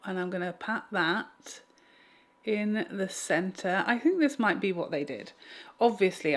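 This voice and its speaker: A woman vlogging a makeup tutorial at home, chatty and self-mocking as she talks straight to her viewers. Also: mid-range voice. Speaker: beauty vlogger. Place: home room with a fan.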